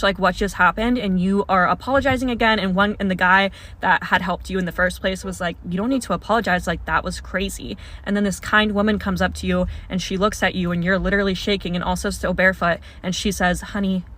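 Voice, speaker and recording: A young adult woman tells a story about herself casually, in the second person, with a bright, forward tone. She laughs now and then as she talks. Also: lowish voice.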